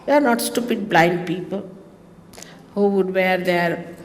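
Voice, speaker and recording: A woman, giving a spiritual talk to her followers in a lively, teasing manner with mocking asides. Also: on the low side, a little slow, a little hiss or hum. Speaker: spiritual teacher. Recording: long reverb of a hall, faint ambience.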